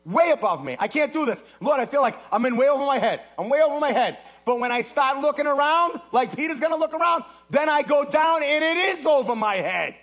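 A man preaching a sermon, swinging between loud exhortation and low hushed asides. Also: animated, a little fast, few pauses. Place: church platform.

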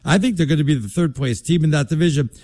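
A brash man trades jabs in a casual sports debate, his voice sitting a touch high. He talks in an emphatic, mocking way, like a host who calls himself an entertainer. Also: quick pace, a little mellow. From Connecticut.

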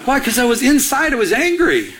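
A man's voice: very high-pitched, huge pitch swings, a little fast, a bit bright. A middle-aged man from Michigan preaching a sermon, telling a personal story in a conversational way and acting out the dialogue. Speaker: pastor.

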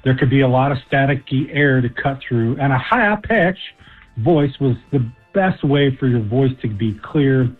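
A male caller on the phone line, explaining a theory in a steady way. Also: medium pitch, normal speed, husky, faint music behind.

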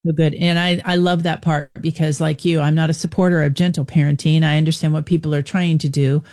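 A woman's voice: deep voice, flat delivery, fairly quick, dark tone. A woman hosting an interview, affirming her guest and talking casually. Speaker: podcast host. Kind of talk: conversational interview.

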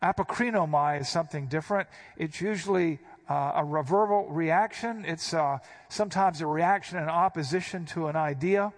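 Emphatic preacher man, fairly high voice. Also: moderate pace, few pauses. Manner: emphatic, stresses quoted words with sudden rises; explanatory, teacherly. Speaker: pastor. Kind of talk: expository sermon.

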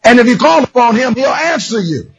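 A man preaching a sermon, animated and storytelling, shouting and half-singing his lines. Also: very high voice, brisk. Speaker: pastor. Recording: dull lo-fi sound.

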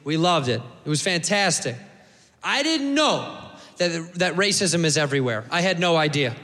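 A man's voice: a little high, very animated, moderate pace, bright, forceful tone, in a large hall. A man doing a stand-up comedy set, telling a profane story and acting out the people in it. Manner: storytelling, profane, acts out characters.

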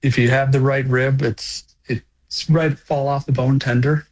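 A man from Minnesota, a restaurant owner, giving easygoing, slightly halting answers in a radio interview. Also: mid-range voice, fairly even intonation, poor audio.

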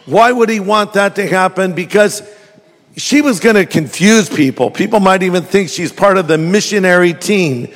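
Man, pastor, sermon, jokey storytelling, fairly high voice, long hall reverb. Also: normal speed. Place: church.

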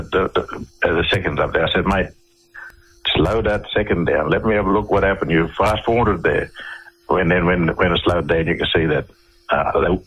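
A middle-aged Australian man with a low, husky voice talks as a guest on a radio interview. He tells his stories in a loose, rambling way, doubling back and repeating words as he goes. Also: a bit bright, low-quality recording. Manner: rambling, repeats and restarts phrases. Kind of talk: casual storytelling on a radio interview.

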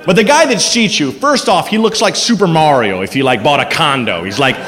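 Brief: lively male stand-up, slightly high voice, echoey club with noise behind. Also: brisk. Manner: animated, rambling, self-mocking. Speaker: stand-up comedian. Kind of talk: stand-up routine. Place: comedy club stage.

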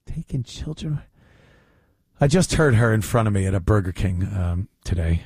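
Sarcastic New man with lively pitch. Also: moderate pace, husky, dry recording. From New York. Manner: sarcastic, mocking, exasperated. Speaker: political commentary host. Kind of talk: opinion commentary.

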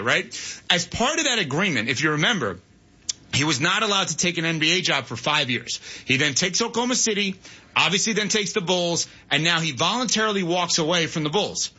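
A man on sports radio with a high, very bright and husky voice, out of breath as he lays out animated, opinionated analysis. The sound is dull and lo-fi, like a broadcast feed. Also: fairly quick. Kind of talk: sports talk radio discussion.

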